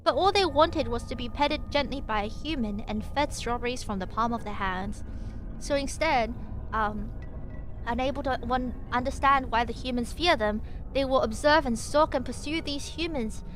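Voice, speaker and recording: Young female streamer, slightly high voice, giggly and playful, reads aloud and chats with viewers. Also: normal speed. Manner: playful, giggly, jokey asides; chats with viewers between passages. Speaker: VTuber streamer. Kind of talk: casual stream chat and reading aloud.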